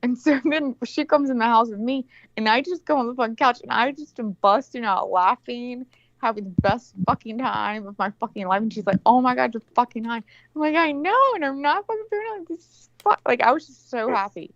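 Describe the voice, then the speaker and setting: A woman's voice: a little high, fairly even intonation, fairly quick, no room sound. Woman guest, casual video-call chat, nonstop cursing storyteller; dull, dry line. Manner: swears constantly, rambling storyteller.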